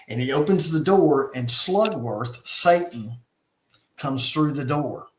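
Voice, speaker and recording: Animated man telling a story in an echoey room. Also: mid-range voice, measured pace, slight background noise. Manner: animated storyteller, emphatic, frequent restarts. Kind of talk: casual conversation, retelling a film.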